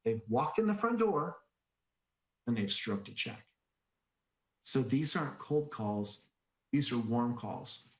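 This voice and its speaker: A man's voice: mid-range voice, takes it slowly, pauses often, echoey room. A man presenting a sales training webinar, telling anecdotes with jokes and acted-out voices. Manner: animated storyteller, jokes and acts out quoted voices.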